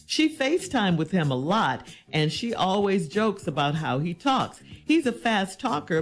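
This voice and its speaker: A woman hosting an advice show, reading a listener's letter, then answering in an incredulous, teasing way. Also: deep voice.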